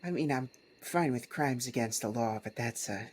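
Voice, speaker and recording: A man's voice: mid-range voice, normal speed, slight background noise. A man bantering casually with friends, wry and self-mocking. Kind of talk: casual in-character chat.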